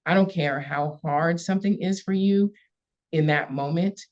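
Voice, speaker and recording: A woman's voice: lowish voice, moderate pace, a little mellow. A woman police chief telling a story in a podcast interview, earnest and emphatic, repeating key words for weight. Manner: earnest, repetitive emphasis, gets emotional. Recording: slightly dull lo-fi audio.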